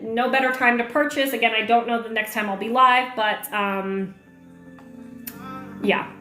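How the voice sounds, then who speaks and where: A woman with a high-pitched, slightly bright voice coaches on a livestream about online marketing. Chatting casually, she reads viewer comments aloud and responds to questions with plenty of fillers, in an echoey room where faint music plays.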